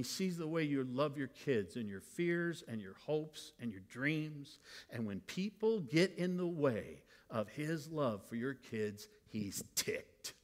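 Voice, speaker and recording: A middle-aged male pastor preaching a sermon to his church, moving between hushed confiding and loud bursts. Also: mid-range voice, sing-song, slow pace. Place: church sanctuary. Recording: long hall reverb.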